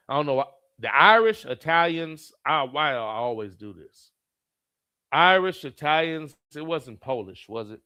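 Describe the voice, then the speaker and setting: A man's voice: on the high side, pushed and bright, clean tone, no room sound. A man who reads viewer comments aloud as a streamer and gives blunt, profane, heated commentary. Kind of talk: profane live commentary reading chat.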